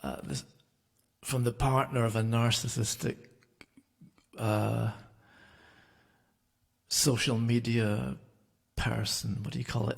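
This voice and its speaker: A man's voice: mid-range voice, takes it slowly, creaky, long pauses, breathy edge. A man, a singer-songwriter, chatting loosely between songs on a home livestream, rambling with plenty of fillers. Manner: relaxed, rambling, with many fillers. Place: home, streaming live.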